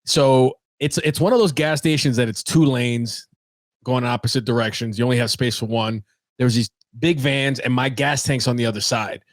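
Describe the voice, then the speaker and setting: A young man co-hosting a casual podcast, telling stories with plenty of swearing. His voice sits at a middle pitch and is recorded close and dry, with no room sound. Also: normal speed, no room sound. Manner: swearing, storytelling, animated retelling. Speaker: podcast co-host. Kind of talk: casual chat.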